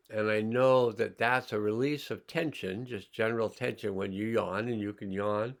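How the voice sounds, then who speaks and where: A man teaching a healing class, slowly and calmly talking listeners through sensing their body and emotions. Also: on the low side. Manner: slow, calm, pausing, guiding listeners' awareness. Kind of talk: slow guided healing demonstration.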